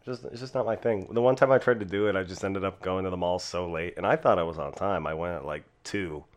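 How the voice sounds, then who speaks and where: A man co-hosting a podcast in casual chat, raspy from a cold, rambling with restarts and frequent laughs. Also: deep voice, fast. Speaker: podcast co-host.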